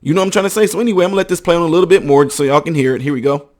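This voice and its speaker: Fast-talking, emphatic male commentator. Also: on the high side, background noise. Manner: emphatic, acts out quotes and asks listeners if they follow. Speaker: commentary video host; ministry counselor. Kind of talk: casual video commentary.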